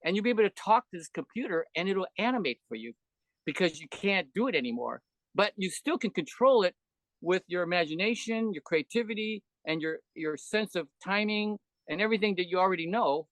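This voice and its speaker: Older male storyteller, high voice, dry close sound, loose rambling chat, acts out other voices. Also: animated, a little fast, fairly bright tone, no echo. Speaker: podcast guest, veteran animator. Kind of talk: casual interview chat.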